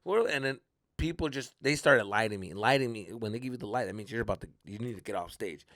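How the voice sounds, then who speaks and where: A young adult man, a comedian hosting his podcast, telling a story in an animated, swearing style and acting out the voices. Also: fairly low pitch, quick pace, dry recording, clean studio sound.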